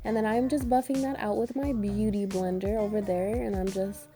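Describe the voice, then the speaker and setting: A woman's voice: mid-range voice, fairly even intonation, moderate pace, over loud music. A young woman vlogger narrating a makeup tutorial in an upbeat, chatty way, her voice a little harsh from being sick. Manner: chatty, upbeat, addresses viewers as beauties and girl. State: getting over an illness, voice a bit harsh. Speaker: beauty vlogger.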